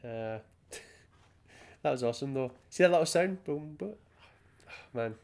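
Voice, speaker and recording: A Scottish man commenting on gameplay, chatty and excitable, often reading in-game documents aloud. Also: mid-range voice, slow, creaky. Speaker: let's play host.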